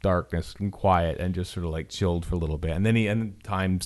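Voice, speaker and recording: A Canadian man co-hosting a podcast, telling an animated story in casual chat with lots of fillers. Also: deep voice, a little fast. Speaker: podcast co-host.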